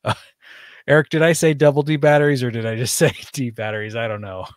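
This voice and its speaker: A man's voice: mid-range voice, fast. A man chatting casually on a podcast, rambling with fillers and restarts. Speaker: podcast host. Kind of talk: casual chat.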